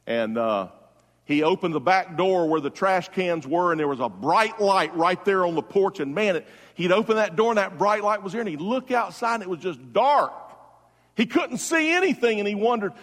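A male pastor preaching a funeral sermon, swinging from loud emphatic calls to hushed, soft tones. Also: high voice, lively intonation, normal speed, in a large hall.

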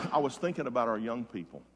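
A man preaching a sermon as pastor, swinging between loud emphasis and hushed softness and repeating words for effect. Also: mid-range voice, animated, fairly quick, slight background noise. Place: church sanctuary. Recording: long reverb of a large hall.

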